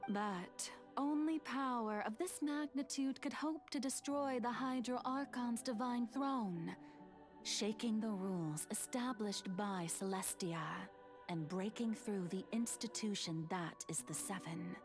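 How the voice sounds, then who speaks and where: A woman acts out an ancient goddess who has schemed for centuries, heard in game cutscene dialogue. She speaks slowly and softly, her pitch sitting a little high. Each line comes out measured and confiding, almost hushed. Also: music in the background, lightly acted. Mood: solemn. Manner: slow, measured, soft and confiding. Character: ancient scheming female goddess, calm and wistful.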